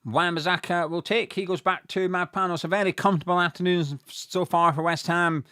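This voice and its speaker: A man giving live fan commentary on a football match, excitable and swearing freely, bursting into shouts at big moments. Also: sits high, brisk, smooth, no room sound, studio quality.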